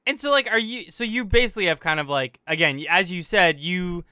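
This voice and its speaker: A man's voice: sits high, a little fast, sharp tone, clear, resonant tone, no echo, clean studio sound. A man hosting a casual podcast chat, reflecting on what he hears and thinking aloud.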